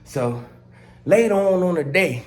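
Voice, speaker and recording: A man vlogging about his pets, telling a story in a casual, animated way and swearing constantly. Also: high voice, unhurried. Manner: animated, profane, heavy cursing. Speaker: pet owner vlogger.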